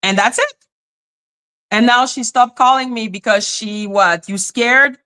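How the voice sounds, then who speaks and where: A woman rants on a livestream with a blunt, profane, taunting delivery. Her voice is bright and cutting, pitched somewhat high, and she takes her time with the words. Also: unhurried. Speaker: livestream host. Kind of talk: confrontational live-stream rant.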